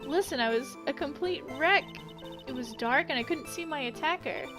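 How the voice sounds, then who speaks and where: A flustered young woman witness who stammers and trips over her excuses, high and bright, as a woman reads her lines from a game. Game music plays underneath. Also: moderate pace, lightly acted. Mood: nervous. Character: young female spirit-medium witness, flustered. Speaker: game reader.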